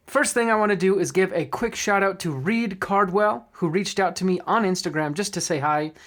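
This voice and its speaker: A man's voice: high voice, normal speed, fairly bright tone. A man hosting a podcast that coaches dungeon masters, talking in an eager, friendly, casual way. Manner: eager and friendly, with small fillers. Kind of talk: upbeat casual podcast talk.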